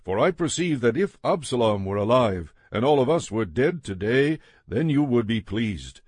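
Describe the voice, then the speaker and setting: A man's voice: mid-range voice, sing-song, normal speed, darkish tone, breathy edge, no room sound. A man reading as a stern army commander. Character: stern male army commander rebuking his king.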